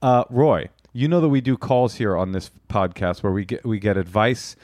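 A man co-hosting a comedy podcast, talking in an animated, jokey way and laughing loudly. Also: on the low side, moderate pace, dry recording, studio quality. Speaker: podcast co-host. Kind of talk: casual comedic chat and host-read ads.

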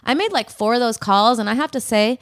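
Animated, high-voiced woman podcast host. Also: a little fast, no echo, studio quality. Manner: animated storyteller, laughs often, acts out her child. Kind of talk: casual comedic chat.

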